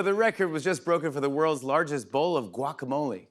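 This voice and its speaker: A middle-aged man hosting a late-night show, telling a rambling, excited story full of restarts and fillers. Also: on the high side, a little fast, few pauses, slight background noise. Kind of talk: monologue, storytelling chat. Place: TV studio with live audience.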